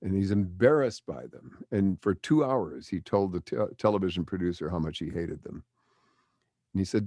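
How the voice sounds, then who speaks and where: An older man, a veteran broadcaster, telling lively stories in an interview and acting out the quotes. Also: low-pitched, normal speed, no echo, studio quality. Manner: animated storyteller acting out quotes. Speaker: guest, broadcaster. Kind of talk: storytelling interview.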